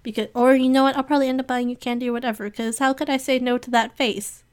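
A woman's voice: high voice, level tone, fast talker, clear, resonant tone. A woman in a rambling casual monologue, gushing with affection and giggling, sniffling now and then. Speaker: community member giving shout-outs.

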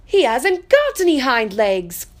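A woman plays a bold, teasing young male wild rabbit, speaking in a bouncy, taunting, mocking way. Her voice sits high, above her own natural pitch, with a sing-song lilt, fairly bright tone, and moderate pace.

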